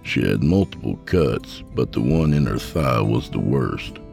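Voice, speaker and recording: Very deep, gravelly male storyteller. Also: lively intonation. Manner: grim, measured. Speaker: narrator. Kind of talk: first-person horror story narration. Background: soft guitar music.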